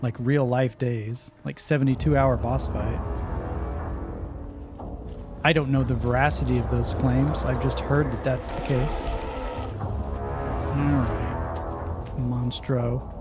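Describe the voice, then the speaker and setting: A man's voice: medium pitch, fairly even intonation, slow, long pauses, over loud music. A man hosting a live gameplay stream, giving casual, wry commentary and chatting with viewers. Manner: casual, wry, chatty, reacts and answers chat. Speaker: streamer host.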